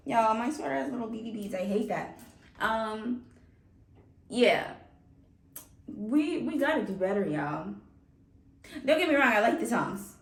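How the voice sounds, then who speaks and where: A woman's voice: a little high, animated, measured pace, pauses often. Chatty woman reacting in a roomy space. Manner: chatty, laughs often, talks straight to viewers. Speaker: music reaction YouTuber. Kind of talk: casual reaction commentary. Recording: roomy sound from a distance off the mic.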